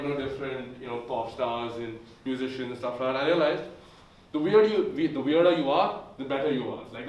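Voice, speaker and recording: A sick young man doing stand-up comedy in a rambling, filler-heavy way. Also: on the high side. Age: young adult. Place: comedy club stage, indoors. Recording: echoey room heard from far off.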